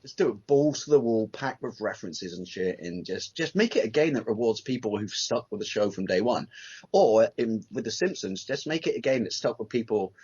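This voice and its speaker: A man's voice: fairly low pitch, a little fast, husky. A man co-hosting a casual gaming podcast, swearing freely as he chats. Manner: animated, swears, quotes cartoon lines in put-on voices. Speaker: podcast co-host. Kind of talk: casual chat. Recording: dull lo-fi podcast audio.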